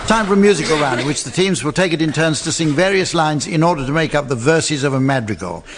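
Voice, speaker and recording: Deadpan male chairman reading scripted gags; live radio, audience laughter. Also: medium pitch, very noisy. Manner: dry, deadpan delivery of jokes. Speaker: quiz show chairman.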